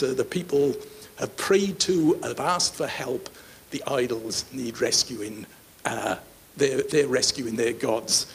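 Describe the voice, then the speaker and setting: Animated man preaching a sermon. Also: mid-range voice, gravelly. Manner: animated, jokes with the congregation. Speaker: pastor. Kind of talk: sermon teaching. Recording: faint hiss.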